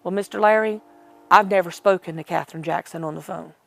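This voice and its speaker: Gravelly low-voiced middle-aged woman. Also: quick pace. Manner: rambling, self-correcting, retells conversations. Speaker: interviewee. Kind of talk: personal storytelling in an interview.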